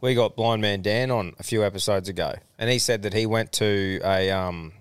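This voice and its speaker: A man's voice: lowish voice, moderate pace, clear, resonant tone, no echo. A man with an Australian accent hosting a podcast, chatting casually, laughing often and swearing freely. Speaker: podcast host. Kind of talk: casual chat.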